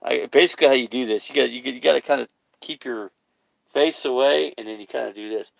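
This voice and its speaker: Gravelly rambling man vlogging. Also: mid-range voice, quick pace, no room sound. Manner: rambling, loose, swears casually, laughs at own jokes. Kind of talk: casual vlog chat.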